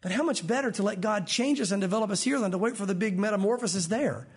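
A man preaching a sermon as pastor, animated, acting out the voices of Bible figures. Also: high voice, quick pace, breathy edge.

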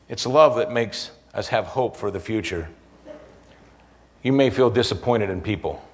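A man preaching a sermon as a pastor, earnest and emphatic, building repeated phrases and then closing in prayer. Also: fairly low pitch.

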